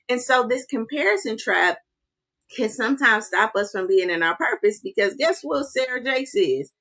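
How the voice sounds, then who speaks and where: A woman's voice: fairly high pitch, animated, moderate pace, a bit bright. Direct woman coaching live. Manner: direct, repeats key lines, checks in with 'right?'. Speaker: life coach. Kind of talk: live-streamed coaching talk.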